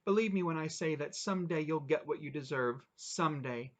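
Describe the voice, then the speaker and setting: A man's voice: on the high side, brisk, pitched above the performer's own voice, natural voice. A man reading as a sneering, berating husband. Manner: berating, sarcastic. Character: angry, belittling husband scolding his wife.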